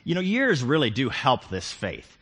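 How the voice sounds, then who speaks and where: An older man preaching a sermon with passion, moving from hushed reflection to loud pleading. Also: mid-range voice, wildly swooping pitch, normal speed, husky. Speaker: pastor.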